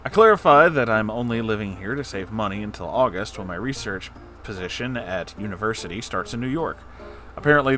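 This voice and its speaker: A man's voice: mid-range voice, fairly bright tone. A man reading a comedy story aloud and breaking in with sarcastic, joking asides. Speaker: story reader.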